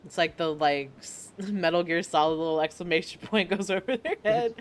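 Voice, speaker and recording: A woman's voice: on the low side, moderate pace. A woman streamer from the United States in casual chat, laid-back and swearing freely, acting out quoted lines.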